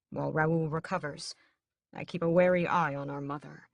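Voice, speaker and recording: Low-voiced woman narrating an audiobook. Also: normal speed, vocal fry, no echo, studio quality. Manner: steady, dramatic storytelling. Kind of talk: first-person audiobook narration.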